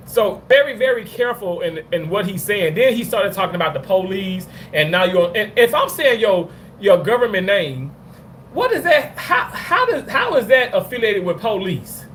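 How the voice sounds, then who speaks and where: A man's voice: high voice, slight background noise. A man hosting a casual livestream chat, cursing freely, laughing often and talking back to comments from viewers. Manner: animated, profane, laughs often. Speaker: livestream host.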